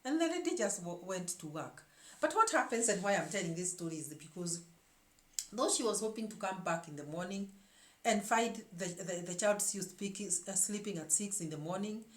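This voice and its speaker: A woman's voice: mid-range voice, expressive, normal speed, a bit bright. A woman hosting her own show, telling a story to her viewers in an emphatic way and often repeating words as she searches for the next one. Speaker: show host. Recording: echoey room.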